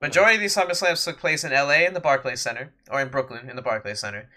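A man's voice: mid-range voice, very fast, bright, forceful tone. A man co-hosting a wrestling podcast, ranting in an exasperated, sarcastic way. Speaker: podcast co-host. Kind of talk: casual wrestling podcast rant.

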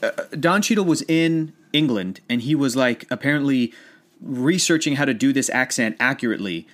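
A man in his thirties talking about movies in a casual chat, rambling and animated, often laughing. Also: mid-range voice, normal speed.

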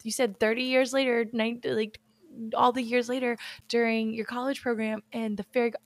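A woman hosting a podcast in casual chat, reacting warmly and quick to laugh and gush. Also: a little high, level tone, dry recording.

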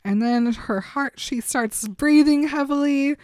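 A woman's voice: high voice, a little mellow, no room sound. A woman casually recapping a novel with a friend, giggling often and slipping into quoted lines. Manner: giggly, quotes characters in quick voices. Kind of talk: casual book recap chat.

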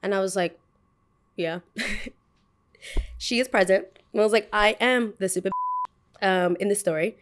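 A woman in her twenties, a podcast host telling a story in a casual, animated way, full of "like" and "I was like.". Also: mid-range voice, normal speed, pauses often. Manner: animated, fills speech with "like" and "I was like".

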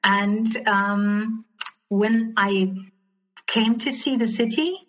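A woman's voice: fairly high pitch, fairly even intonation, extremely slow. A woman guest on a podcast, candidly retelling a personal story in conversation and often quoting what others said. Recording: slightly dull lo-fi audio.

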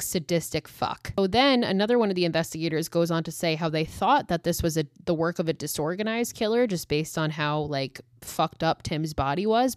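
A young woman talks through a horror film in a blunt, profane, casual way. Her voice sits low in pitch, and the recording is dry and close, with no room sound. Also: no echo. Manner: blunt, profane, emotionally reactive. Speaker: commentator recapping a true-crime horror film. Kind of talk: casual recap monologue.

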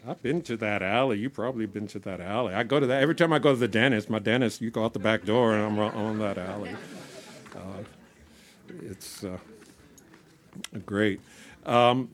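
A man from Boston, a storyteller chatting casually to a live audience in a rambling, halting way with lots of fillers and restarts. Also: lowish voice. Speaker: storyteller, performer.

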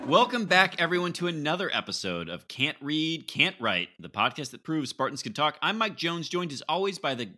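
A man's voice: a little high, very animated, brisk, hardly any pauses, pushed and bright, soft background music. A man hosting a casual sports podcast, bantering loosely and laughing through his lines. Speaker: podcast host.

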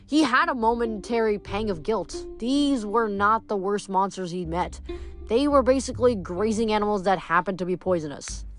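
Female reader, casual read-aloud narration, occasional restarts, soft music bed. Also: mid-range voice. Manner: reads steadily with small slips and restarts. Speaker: audiobook reader.

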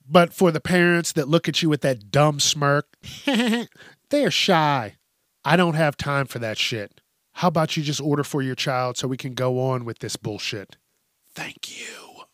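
A man's voice: fairly high pitch, fairly bright tone, dry recording, studio quality. A young man, a podcast host, delivering an exasperated, profanity-heavy comedic rant about working in restaurants. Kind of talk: ranting comedic monologue.

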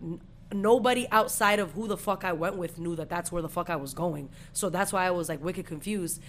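A woman's voice: on the low side, a little fast, slight background noise. A young adult woman, hosting a podcast and telling a story in casual chat full of swearing. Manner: profane, animated storytelling. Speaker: podcast host.

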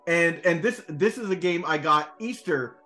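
Eager man telling stories, slightly high voice. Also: normal speed, soft background music. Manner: enthusiastic storyteller, repeats words when excited. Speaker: podcast host. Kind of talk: casual chat.

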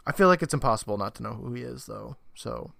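A man's voice: medium pitch, animated, vocal fry, fairly bright tone, no room sound. Man, podcast co-host, casual plot recap, chatty asides, dry recording. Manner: retells plot with quick asides and laughs.

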